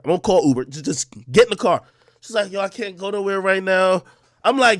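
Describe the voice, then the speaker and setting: Animated high-voiced man telling a story. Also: brisk, dry recording, clean studio sound. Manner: animated, profane slang, acts out the dialogue. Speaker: streamer. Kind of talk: casual storytelling to a live chat.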